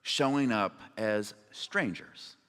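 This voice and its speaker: A man's voice: fairly low pitch, slow pace, a bit bright, clean tone. A man preaching a sermon as pastor, in a conversational, informal way with asides. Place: church sanctuary. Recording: long reverb of a large hall.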